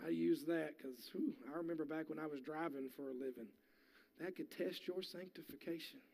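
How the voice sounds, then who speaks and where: A pastor preaches to his church in a high, gravelly voice. His folksy sermon builds into fervent preaching. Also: fairly even intonation, fairly quick, warm tone. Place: church sanctuary.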